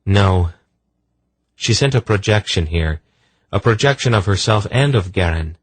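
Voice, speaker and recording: A man's voice: on the low side, expressive, unhurried, breathy edge, voice pushed up. A man voicing a glum, shaken male ruler in an audiobook, subdued.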